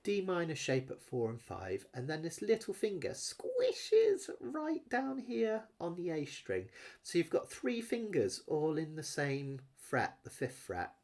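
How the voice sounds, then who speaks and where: Over ukulele playing, a man with a slightly high, slightly mellow voice teaches a live online lesson, his pitch swooping wildly as he talks a bit slowly. He's chatty and encouraging, sometimes singing along as he strums, captured on a webcam with a close-up camera angle.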